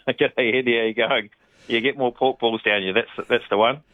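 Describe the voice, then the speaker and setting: New farmer on a tinny phone line. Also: male voice, mid-range voice, normal speed, no echo. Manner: relaxed, hesitant with fillers. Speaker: pig farming correspondent. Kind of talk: casual radio interview.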